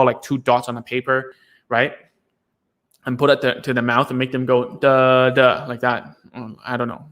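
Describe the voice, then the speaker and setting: A man's voice: medium pitch, a bit bright. A man, a speech therapist, teaching in a casual live session, chatty and self-deprecating with many fillers and restarts.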